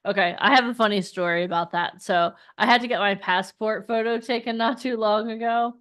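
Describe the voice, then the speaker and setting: Energetic woman hosting a live event. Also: on the high side, a little fast. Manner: energetic, encouraging, chatty. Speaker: event host. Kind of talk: upbeat live-stream hosting.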